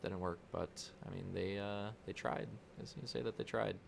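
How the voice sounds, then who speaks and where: A man's voice: sits low, steady tone, moderate pace, vocal fry, a little hiss or hum. A young man giving casual, joking commentary on a video game race, rambling into crude asides.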